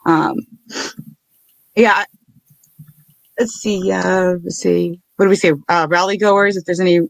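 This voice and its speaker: Earnest, halting woman streamer. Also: on the low side, fairly even intonation, creaky, dry recording. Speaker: livestream host. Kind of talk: casual livestream commentary.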